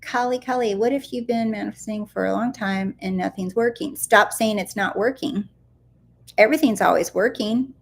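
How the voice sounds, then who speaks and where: A woman's voice: medium pitch, normal speed, vocal fry, a little hiss or hum. Emphatic woman coaching on a live stream. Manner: emphatic, playful, repeats words for effect. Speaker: manifestation coach.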